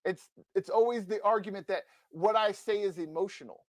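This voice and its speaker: This fired-up sports rant comes from a male podcast co-host speaking into a close mic with passionate, combative insistence. His voice sits high, he talks at normal speed, and there's no room sound.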